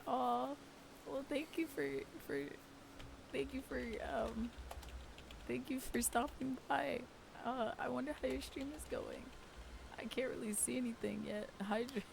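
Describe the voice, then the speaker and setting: A woman streaming a game, hoarse with a failing voice, greeting viewers in a bubbly, flustered way. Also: sits high, fairly even intonation, unhurried, noisy background. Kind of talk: live gaming stream chat.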